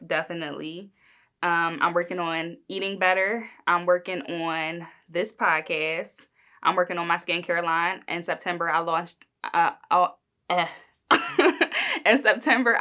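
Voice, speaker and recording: A woman's voice: fairly low pitch, pushed and bright. A young adult woman hosting a podcast, chatting casually and rambling, with lots of fillers and "like"s. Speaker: podcast host. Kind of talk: casual solo podcast chat.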